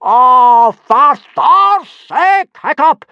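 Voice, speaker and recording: A man's voice: high voice, big pitch swings, normal speed, dry recording, dull audio, pitched above the performer's own voice. Bellowing giant Viking teacher, read by a man, dry close storybook voice. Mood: exploding. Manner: bellowing, roaring. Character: huge booming male Viking teacher.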